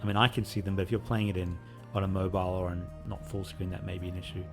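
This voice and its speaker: A man with a fairly low voice talks through a playthrough of the game he is building. His delivery is relaxed and rambling, full of little fillers as he explains features. Faint music plays underneath. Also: fast talker. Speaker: indie game developer. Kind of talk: casual gameplay devlog commentary.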